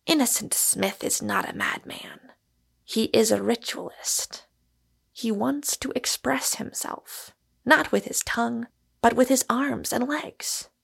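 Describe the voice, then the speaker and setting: Woman voicing a reflective witty gentleman, lecturing tone, gravelly, storybook. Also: fairly high pitch, very animated, slow, heavily acted. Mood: musing. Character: musing, witty gentleman explaining a theory.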